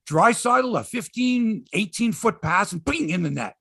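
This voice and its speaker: A middle-aged man, hosting a casual sports podcast and telling stories in an excitable, animated way, swearing freely. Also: sits high, normal speed, vocal fry, few pauses, breathy edge, no room sound, studio quality.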